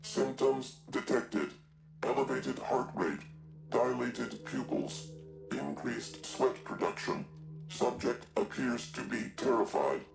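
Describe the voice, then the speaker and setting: An actor voicing a clinical male robot companion in a game, reporting in a slow, flat manner. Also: medium pitch, creaky, echoey room, music in the background, exaggerated voice, low-quality recording.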